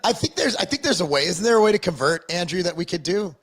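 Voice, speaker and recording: A jokey male podcast co-host who laughs often, his voice husky and lively, swinging up and down in pitch. He sits a little high for a man. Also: quick pace. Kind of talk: casual podcast chat.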